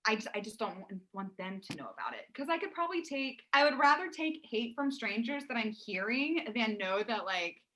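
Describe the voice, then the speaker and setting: A woman's voice: a little high, expressive, fairly quick, few pauses, bright, forceful tone, slight background noise, low-quality recording. A woman guest on a podcast who creates food content, chatting in an earnest way and laughing easily. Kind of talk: casual chat.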